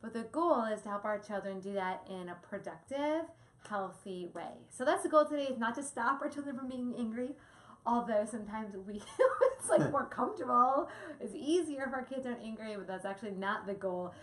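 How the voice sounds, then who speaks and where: A woman co-hosts a casual, educational parenting talk, laughing often and explaining with examples. Her fairly high voice has lively intonation and a slightly fast pace, in an echoey room with faint ambient noise.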